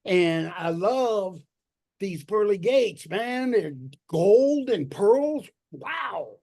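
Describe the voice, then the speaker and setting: A man voicing a laid-back, friendly reformed ex-gang man in a spoken joke, with a slow, drawn-out delivery. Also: high-pitched, animated, creaky, a little mellow, pitched above the performer's own voice, full character voice.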